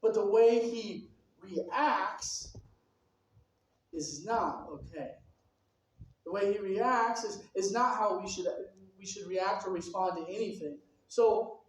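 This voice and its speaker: A high-pitched male preacher speaks conversationally and questions his audience. The mic is far away in a very echoey hall, with slight background noise.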